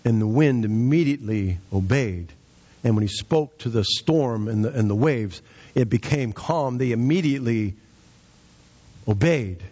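A husky-voiced man preaching a sermon with an emphatic, rising and falling delivery. His voice sits mid-range, and the recording sounds slightly dull. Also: medium pitch, a little slow, dark tone.

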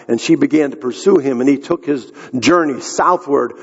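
A man's voice: mid-range voice, moderate pace, husky. A man preaching a sermon, telling a story earnestly and speaking directly to the congregation. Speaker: pastor. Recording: echoey hall, dull lo-fi sound.

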